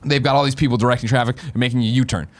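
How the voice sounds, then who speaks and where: Podcast host, male, fast, animated storyteller who swears a lot and does little voices. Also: medium pitch. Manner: animated, swears freely, acts out voices in his stories. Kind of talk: casual storytelling.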